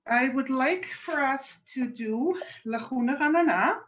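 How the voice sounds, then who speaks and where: A woman's voice: sits high, a little slow. A woman cantor from the Netherlands with a Dutch accent, chatting on a video call with frequent fillers and friendly asides. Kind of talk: friendly introductory talk before a service. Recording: distant, muffled video call audio.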